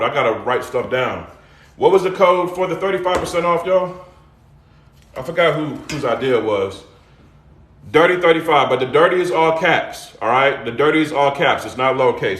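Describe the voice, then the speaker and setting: A middle-aged man runs a relaxed live cooking demo from his home kitchen, chatting loosely and addressing his viewers. His voice is on the high side with a fairly bright tone, and the sound is roomy.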